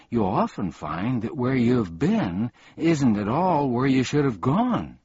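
A man voicing a pompous, forgetful, cheerful ordinary man in a storybook, speaking slowly and grandly on a slightly dull, dry recording. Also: mid-range voice, darkish tone, slightly rough, dry recording, voice pushed up, heavily acted.

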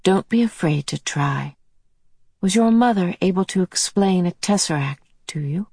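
A woman voicing a kindly, motherly otherworldly woman who gently reassures and explains. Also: lowish voice, measured pace, slightly rough, no echo. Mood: reassuring.

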